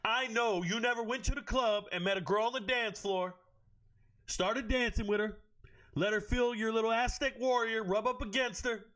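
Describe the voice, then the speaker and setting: A man hosting a livestream, reading chat aloud and riffing on each pick with loud, profane joking. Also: high-pitched. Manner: quick, animated jumps between chat and draft picks. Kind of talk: casual livestream commentary.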